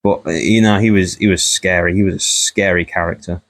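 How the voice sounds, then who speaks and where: A man's voice: deep voice, fairly even intonation, brisk, a bit bright. A young man rambling casually through a profane commentary vlog, often laughing at the story.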